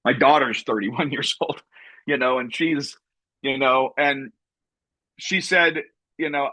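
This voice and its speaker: A man's voice: mid-range voice, slow pace, pauses often, sharp tone, no room sound, low-quality recording. A man in his fifties from the United States, a podcast guest talking candidly and reflectively, often repeating words and tagging sentences with "right?". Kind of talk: candid conversational interview.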